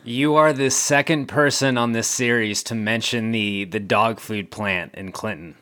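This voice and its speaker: A man's voice: mid-range voice, a little slow, pushed and bright. A man hosting an interview, asking prepared questions with a wry touch. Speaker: interviewer host. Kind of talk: conversational interview.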